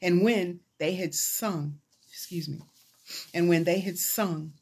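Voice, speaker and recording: A woman chaplain with a husky, fairly low voice preaches a sermon slowly. She retells scripture, acting out the voices of the people in it, and builds up to excited pleas.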